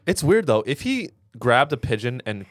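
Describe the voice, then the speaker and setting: A man's voice: medium pitch, sing-song, normal speed, no echo. A man with a mid-range voice that rises and falls a lot chats on a comedy podcast. He laughs easily and often restarts his thoughts. The recording is dry and close to the mic. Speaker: podcast co-host. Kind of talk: casual comedic chat.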